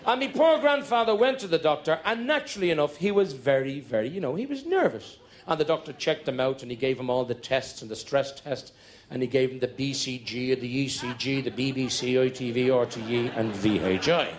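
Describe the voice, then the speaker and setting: This male stand-up comedian performs live comic storytelling at a hotel show, keeping things breezy and conversational and slipping into brief sung ditties. His mid-range voice is expressive and a little fast, with few pauses. Audience laughter and music fill the live stage recording.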